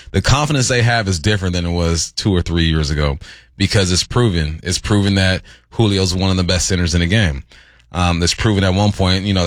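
A man's voice: deep voice, no echo. A man co-hosting a sports radio show in a studio, talking in an easygoing, teasing way. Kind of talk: casual sports talk. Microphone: studio mic with headphones.

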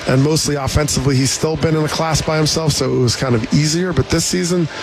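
A man's voice: a little high, steady tone, quick pace, noisy background. A man giving baseball analysis on a radio broadcast, reasoning aloud with small restarts. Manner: thoughtful, restarting sentences as he reasons.

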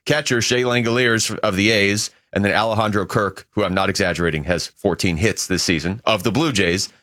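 A man hosting sports radio, joking and teasing in quick casual banter. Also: fairly low pitch, fairly even intonation, pushed and bright, dry recording, studio quality.

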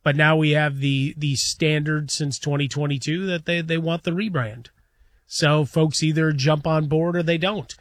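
A man's voice: a little high, fairly even intonation, moderate pace, dry recording. A man co-hosting a sports radio show in a studio, talking through a point in a wry, analytical way.

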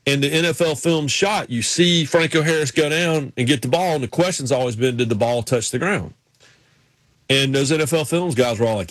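A man's voice: medium pitch, a little fast, fairly bright tone, dry recording. A man in a casual sports chat, chatty and self-deprecating. He has a mid-range voice and is recorded close and dry. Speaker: co-host.

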